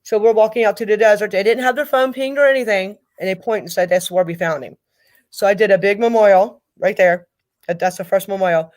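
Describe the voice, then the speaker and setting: A middle-aged woman speaking as a grieving mother in an interview, talking in a halting way and repeating herself. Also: mid-range voice, darkish tone. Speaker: guest, mother of a victim. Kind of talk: emotional interview over a call.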